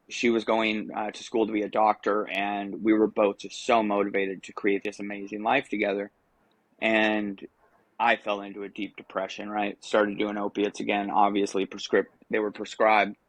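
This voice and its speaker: A man's voice: fairly low pitch, completely flat delivery, moderate pace, dry recording, low-quality recording. A man in his thirties, a podcast guest, telling his life story casually with many ums and restarts.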